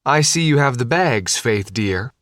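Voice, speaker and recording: A man's voice: mid-range voice, lively intonation, a little slow, fairly bright tone, no echo, studio quality. A man voicing a prim, proper young woman in an audiobook.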